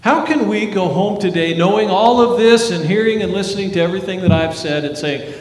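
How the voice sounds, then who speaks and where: A man's voice: sits high, fairly quick, hardly any pauses. A man preaching a sermon as pastor, earnest, with rising emphasis and dramatic drops in voice. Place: church sanctuary. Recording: echoey hall reverb.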